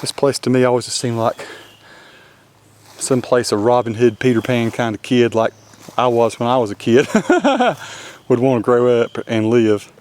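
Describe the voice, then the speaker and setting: Strolling through the woods of the Appalachian Highlands in North Carolina, a vlogger rambles in a relaxed, folksy manner with a western North Carolina mountain Southern accent. His voice sits at a medium pitch and moves at a measured pace. It's picked up on a handheld camera mic.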